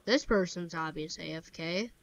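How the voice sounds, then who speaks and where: A woman's voice: fairly low pitch, moderate pace, highs cut off. A woman giving casual gameplay commentary in an offhand, wry way with muttered asides. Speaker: gaming commentator.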